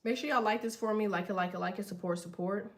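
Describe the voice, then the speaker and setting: A middle-aged card reader chats casually with her viewers, spinning slangy, animated stories and laughing a lot. She talks quickly at a medium pitch.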